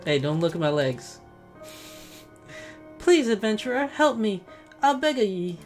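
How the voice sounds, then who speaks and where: A woman's voice: medium pitch, sing-song, unhurried, soft background music, voice pushed up. A woman voicing a poor refugee woman with a put-on British accent, begging desperately for help.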